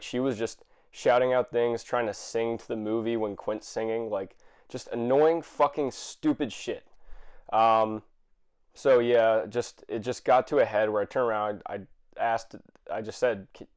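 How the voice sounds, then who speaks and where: A man ranting to camera, exasperated and swearing, with many fillers and restarts and sudden bursts of shouting. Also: medium pitch, fairly even intonation, measured pace, clear, resonant tone. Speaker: vlogger. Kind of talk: angry rant to camera.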